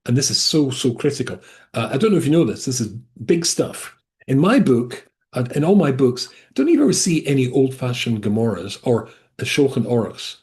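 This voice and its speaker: Lively rabbi teaching an online class. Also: male voice, mid-range voice, normal speed. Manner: animated, digressive, with frequent restarts and asides. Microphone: video call.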